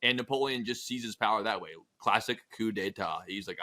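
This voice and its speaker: A man's voice: fairly low pitch, fairly quick, few pauses, pushed and bright. A man co-hosting a casual history podcast, telling the story with jokey, profane asides and acted quotes. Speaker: podcast co-host.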